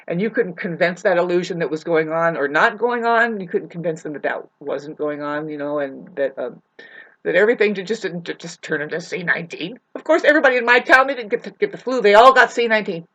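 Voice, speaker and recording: A woman's voice: fairly low pitch, fairly quick, a bit bright, muffled recording. A woman ranting to her viewers in a loose, profane monologue. She rambles, restarts her sentences and calls her listeners "babe". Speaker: vlogger. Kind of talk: rambling spoken rant to camera.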